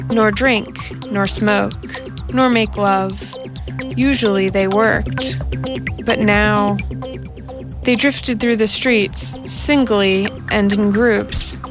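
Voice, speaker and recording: A woman reading a science fiction story aloud as an audiobook narrator, in a slow, measured storytelling manner. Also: medium pitch, fairly bright tone.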